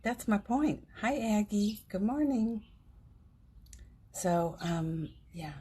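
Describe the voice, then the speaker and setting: A woman hosting a morning live stream, chatting gently and affectionately with viewers, greeting them by name and laughing often. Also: mid-range voice, animated, takes it slowly, husky. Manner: laughs often, speaks softly. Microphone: phone.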